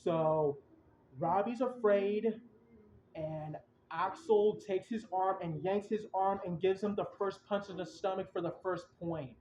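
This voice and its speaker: A young man hosting a podcast, excitedly retelling events in a rambling, casual way with slang. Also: sits high, unhurried, slight background noise. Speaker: podcast host. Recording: roomy, dull lo-fi sound.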